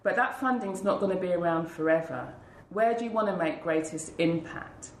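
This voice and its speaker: A woman being interviewed tells her own story in an earnest, heartfelt way, slipping into the voices of the people she quotes. Her voice sits a little low for a woman. The room around her gives an echo. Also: lively intonation, moderate pace, slight background noise. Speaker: interview guest, school leader. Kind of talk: personal storytelling. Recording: roomy echo.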